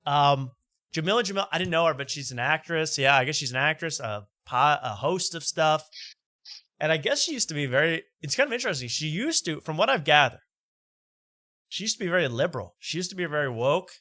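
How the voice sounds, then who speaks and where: A man's voice: on the high side, sing-song, fairly quick, pushed and bright, dry recording, clean studio sound. A man hosting a comedic late-night talk show, rambling and mocking as he halts on fillers.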